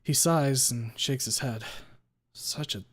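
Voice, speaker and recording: A man's voice: medium pitch, slow pace, breathy edge. A man streaming a first-person story read-aloud, who occasionally stops to reread a line he stumbled on.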